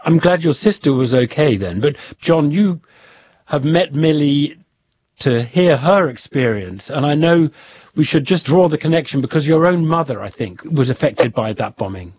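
A man interviewing guests on the radio, asking gentle, probing questions. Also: fairly high pitch, lively intonation, moderate pace, husky. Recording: dull lo-fi broadcast audio.

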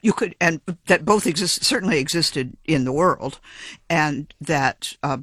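A geneticist in an interview, a man explaining his research with measured, precise academic phrasing and the odd small restart. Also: fairly high pitch, expressive, fairly bright tone, breathy edge, no echo.

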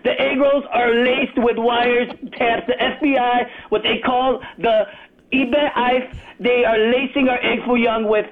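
A male caller with a Chicago accent, rambling fast and jokey from topic to topic. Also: very high-pitched, little pitch movement. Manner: rapid-fire, rambling, jokey. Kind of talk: call-in chat. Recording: tinny phone line.

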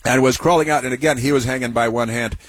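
A man's voice: mid-range voice, steady tone, quick pace, husky, dry recording. A man hosting a talk radio show, telling stories in a rambling way with many restarts and giving blunt opinions.

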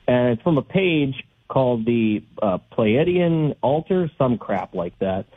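Man, radio caller, tinny phone line, husky voice, blunt and rambling. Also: mid-range voice, expressive, a little slow, no room sound. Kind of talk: call-in radio chat. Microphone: telephone.

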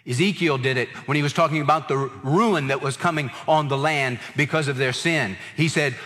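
A man's voice: mid-range voice, normal speed, pushed and bright, big-room sound. A man preaching a sermon as pastor, stressing words by repeating them.

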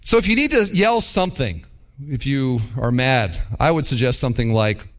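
A man's voice: medium pitch, lively intonation, moderate pace. A man preaching a sermon as pastor, with wry mimicking asides.

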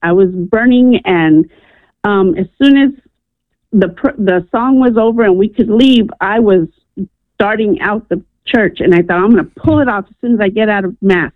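A woman from New Mexico, USA calls into a radio show to share a personal story, speaking earnestly and animatedly while acting out the people involved. Her mid-range voice moves at a normal pace and arrives dry, with no echo, over a narrow, tinny phone line.

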